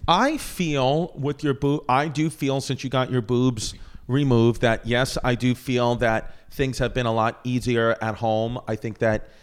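A man's voice: medium pitch, fairly even intonation, unhurried, clean tone. A young man hosting a casual podcast chat, joking and teasing, often laughing as he talks. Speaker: podcast host.

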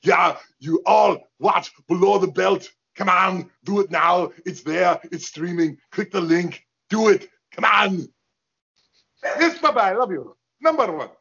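A man's voice: high-pitched, expressive, a little slow, gravelly, a bit bright, husky, lo-fi sound, pitched above the performer's own voice, heavily acted. A man voicing a brash, boastful wrestling strongman who barks threats and pushy commands.

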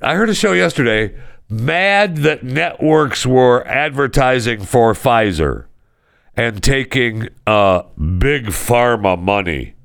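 A man's voice: medium pitch, lively intonation, slow pace, creaky, a bit bright, smooth, no echo, clean studio sound. A man hosting a talk show, ranting in a casual, sarcastic and exasperated way. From United States.

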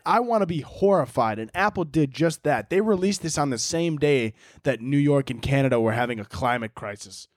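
A man's voice: fairly high pitch, dry recording, studio quality. Rambling, swearing young man hosting a podcast. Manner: rambling, swears a lot, laughs often. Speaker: podcast host. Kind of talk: casual solo monologue.

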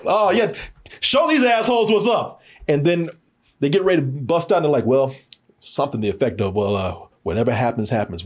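A man hosting a podcast in casual chat, animated and laughing often as he acts out scenes. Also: medium pitch, husky. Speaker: podcast host reviewing a show.

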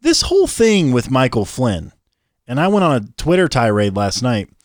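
A man co-hosting a political commentary show, talking in an animated, incredulous and joking way. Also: mid-range voice, normal speed, dry recording, studio quality. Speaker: podcast co-host.

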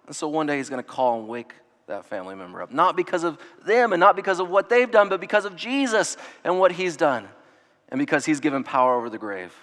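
A man preaching a sermon in an earnest way, dropping to hushed tones and rising to emphatic ones. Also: a little high, animated, quick pace, in a large hall. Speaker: pastor.

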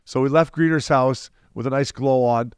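A man in his forties, a former hockey player co-hosting a podcast, telling stories in a lively, casual way and acting out quotes. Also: mid-range voice, clean tone, no echo, studio quality. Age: 40s. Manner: fast, animated storyteller who acts out quotes. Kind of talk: casual storytelling chat.

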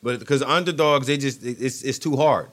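A man's voice: mid-range voice, brisk, fairly bright tone. A man talking sports on a podcast, eager and telling stories. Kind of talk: casual sports talk.

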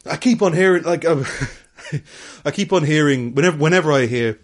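A man's voice: fairly high pitch, normal speed. A young man co-hosting a casual podcast, laughing often and swearing as he talks. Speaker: podcast co-host.

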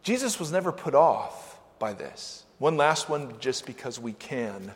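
A male pastor giving a conversational sermon, with animated swings between loud, emphatic lines and soft asides. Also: mid-range voice, unhurried. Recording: long church-hall reverb.

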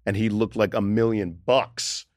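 A man in his forties, a comedian guest, telling a personal story in candid conversation, emotional and halting with many restarts. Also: on the low side, steady tone, no room sound, clean studio sound.

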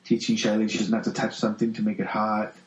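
A man hosting a casual comic book podcast, retelling a story with lively acted voices. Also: fairly low pitch, fast, far from the mic, slight background noise. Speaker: podcast host. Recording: dull, echoey room sound.

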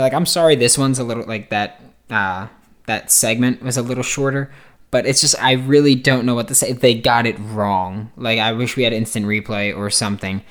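A man's voice: medium pitch, a bit bright. A young man hosting a sports podcast, reading ads and ranting in a loose, rambling way, often breaking off to laugh at himself. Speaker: podcast host. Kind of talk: casual sports podcast monologue with ad reads.

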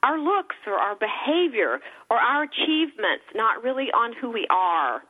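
A woman's voice: a little high, very animated, normal speed. Woman author on a tinny phone line. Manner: earnest, emotional storytelling with faith references. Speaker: author guest. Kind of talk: radio interview on a phone line.

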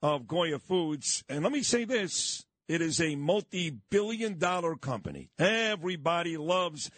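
A male morning radio host with a slightly husky, somewhat high voice. His pitch swings in a lively way, and the studio sound is dry and close. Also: a little slow, no room sound. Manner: lively, blunt interviewer. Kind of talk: radio talk show hosting.

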